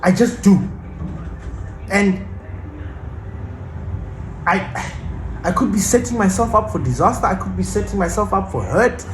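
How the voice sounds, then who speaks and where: A man's voice: high voice, unhurried, long pauses, reverberant, a little hiss or hum, poor audio. A man hosting a football fan channel, ranting passionately and defiantly about his team in casual commentary.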